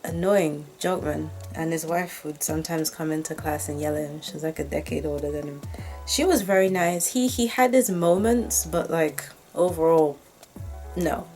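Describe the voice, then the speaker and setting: A woman's voice: sits low, normal speed, a little mellow, faint music behind. A woman from Britain vlogging in a chatty, rambling way, correcting herself mid-sentence and tossing in wry asides. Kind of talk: casual talking-head commentary.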